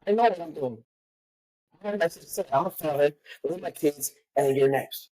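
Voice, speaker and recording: A woman's voice: low-pitched, unhurried, mellow, low-quality recording. A woman telling stories in a casual chat, profane and acting out the voices of people she quotes.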